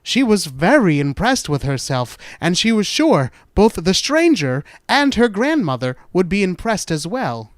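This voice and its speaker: A man hosting a spooky podcast, narrating a horror story in a slow, deliberate, dramatic way, dropping to hushed dark turns. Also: sits high, very animated, dry recording, clean studio sound.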